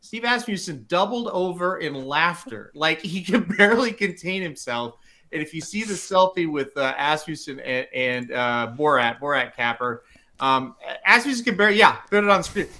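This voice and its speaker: Man, casual podcast chat, animated storyteller, bright tone, fairly high pitch. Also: normal speed. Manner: animated storyteller, laughs often. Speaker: podcast co-host, site owner.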